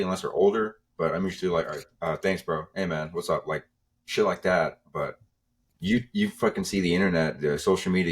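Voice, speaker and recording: Deep-voiced young man, laid-back. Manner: laid-back, rambling storyteller. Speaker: podcast guest, comedian. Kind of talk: casual podcast chat.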